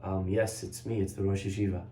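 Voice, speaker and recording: A man voicing a gentle elderly head of a religious school, speaking softly, low and hesitantly. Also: little pitch movement, brisk, echoey room.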